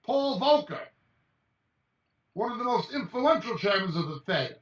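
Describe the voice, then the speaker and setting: A man speaks as a Bible teacher in an emphatic, high-pitched voice and reels off names in quick lists. He sounds far from the mic on a video call. The audio is dull and roomy. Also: animated, a bit bright. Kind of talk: impassioned message over a video call.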